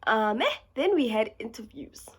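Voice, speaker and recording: A young South African woman tells a story in a casual vlog, her voice pitched a little high. She talks fast and with lots of energy, dropping into whispers for asides. She sounds a little under the weather. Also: breathy edge. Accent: South African English. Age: young adult. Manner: fast, animated, dips into whispers and laughs. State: sick. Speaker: YouTuber.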